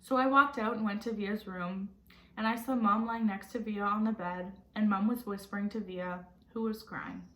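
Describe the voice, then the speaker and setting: A woman teacher reads a novel aloud in a gentle, reflective voice and pauses to ask her listeners questions. Her voice sits at a middle pitch, and the room gives it a noticeable echo. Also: steady tone. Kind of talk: reading a novel aloud with commentary. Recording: roomy echo.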